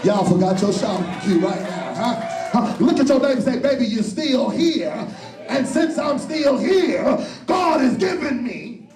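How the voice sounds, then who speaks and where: High-voiced man preaching in echoey church. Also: animated, normal speed, recorded from a distance. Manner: call-and-response, shouting and dropping low. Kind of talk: sermon.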